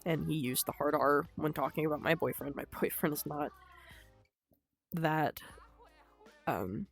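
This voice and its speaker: A young woman telling her own story in an unscripted vlog, halting and emotional, with frequent swearing. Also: low voice, vocal fry, breathy edge, soft background music. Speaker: vlogger.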